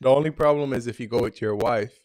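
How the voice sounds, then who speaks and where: A man's voice: mid-range voice, fast talker, a little mellow, no echo, studio quality. A man joining an interview remotely over a video call, chatting in an easygoing way. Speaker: podcast guest. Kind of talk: casual interview chat. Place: home in Belize on a video call.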